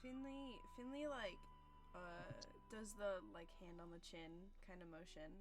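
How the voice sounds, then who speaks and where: A woman's voice: on the low side, a little slow, over music, poor audio. Giggly, slangy woman player. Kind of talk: casual chat.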